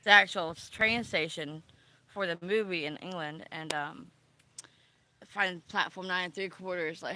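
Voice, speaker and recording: A woman chatting casually on a vlog, meandering and pausing often with ums and trailing sentences. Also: lowish voice, pushed and bright. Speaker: vlogger. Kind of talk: rambling casual chat.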